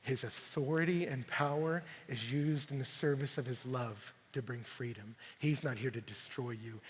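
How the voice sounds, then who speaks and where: A man preaching a sermon at a youth camp, telling stories with animated energy that rises to shouts. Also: medium pitch, a little hiss or hum. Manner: animated storytelling, rising to shouts. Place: large arena at a youth camp. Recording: long arena reverb.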